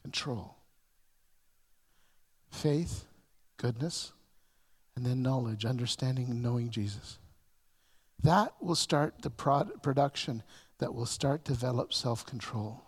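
A man preaching a sermon, stumbling over repeated words, swinging from emphatic surges to quiet, gentle stretches. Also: medium pitch, moderate pace, husky. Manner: repetitive restarts, rising to emphatic peaks then dropping soft. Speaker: pastor. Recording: long hall reverb.

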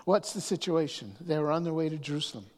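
A man preaching a sermon, often restarting his words and swinging from hushed asides to raised emphasis. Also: on the high side, lively intonation, fast. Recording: long hall reverb.

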